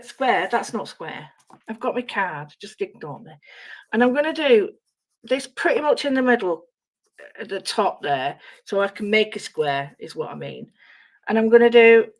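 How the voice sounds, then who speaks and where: A middle-aged woman demonstrating a craft on a live stream, chatting and mocking herself as she works, her voice going hoarse. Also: medium pitch. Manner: chatty, self-mocking, talks to herself while working.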